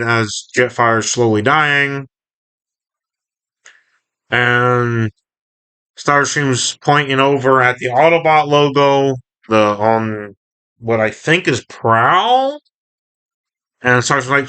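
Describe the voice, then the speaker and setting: A man's voice: medium pitch, slow, pauses often, bright, forceful tone, smooth. A man reading and reviewing a comic book in a chatty, rambling way, often correcting himself. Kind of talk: casual comic reading and commentary.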